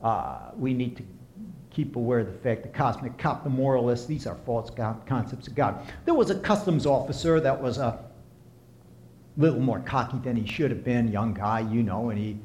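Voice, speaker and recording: A man preaching a sermon and counseling as he talks, impassioned, swinging from soft to emphatic. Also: medium pitch, lively intonation, normal speed, slight background noise. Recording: echoey room.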